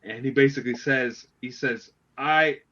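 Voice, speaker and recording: A man's voice: mid-range voice, normal speed, a bit bright, dull audio. A man hosting a casual wrestling podcast, retelling a story animatedly with lots of restarts. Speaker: podcast host.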